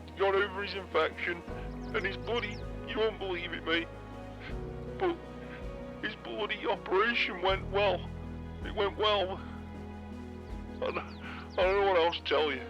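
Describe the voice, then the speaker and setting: A man talks excitedly in a game roleplay, his voice high for a man. The sound is dull and lo-fi, with loud music behind him. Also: measured pace, long pauses. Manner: excited, emphatic, swears often. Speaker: roleplay player. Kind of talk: in-character phone call. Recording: dull lo-fi phone-style audio with music.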